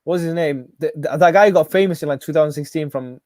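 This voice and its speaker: Male watch-along host: excitable, high-pitched, dry close-mic sound. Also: fast, dry recording. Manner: excitable, bursts into shouts at chances. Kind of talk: live football watch-along commentary.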